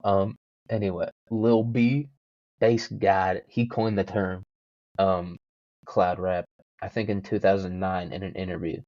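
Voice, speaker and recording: A man's voice: low-pitched, level tone, unhurried, darkish tone, no room sound, muffled recording. A young man hosting a solo podcast, rambling casually with lots of swearing and self-mocking jokes. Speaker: podcast host.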